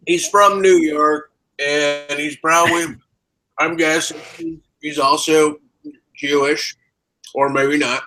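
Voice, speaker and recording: Male podcast host, bright voice, loose, jokey, ranting. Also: a little high, steady tone, takes it slowly, long pauses, poor audio. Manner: rambling, joking, prone to sarcastic rants. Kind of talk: casual chat.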